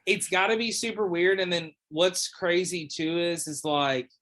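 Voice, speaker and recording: A man's voice: high voice, fairly even intonation, a little slow, fairly bright tone. A young man chatting casually on a podcast, rambling with lots of fillers and swearing. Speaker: podcast host or guest. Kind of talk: casual chat.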